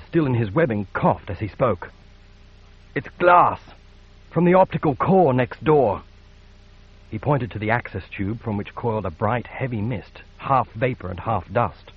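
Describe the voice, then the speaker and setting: A man narrating a science fiction audiobook in a measured, steady read. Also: medium pitch, slightly rough, muffled recording. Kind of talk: scripted narration.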